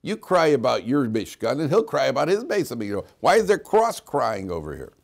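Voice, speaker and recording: A man's voice: medium pitch, very animated, a little fast, vocal fry. A man teaching a class as a rabbi, talking informally, questioning students and cracking jokes, with frequent restarts.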